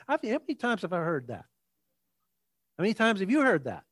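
A man preaching a sermon, reading scripture slowly and repeating key lines for the congregation to say with him. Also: sits high, huge pitch swings, fairly bright tone, slightly rough, no room sound, studio quality. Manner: emphatic, slows down for scripture and repeats key phrases; leads the congregation in call-and-response.

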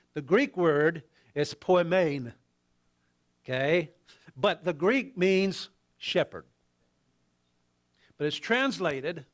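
Conversational male pastor preaching. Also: a little high. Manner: conversational, halting with restarts, drops to quiet asides. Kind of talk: sermon.

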